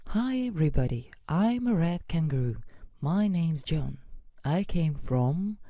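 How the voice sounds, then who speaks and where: A woman's voice: sits low, expressive, measured pace, dark tone, dry recording, exaggerated voice. A woman voicing a friendly male red kangaroo in an educational video, talking in a chatty, reassuring storybook way. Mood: cheerful. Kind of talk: educational character narration.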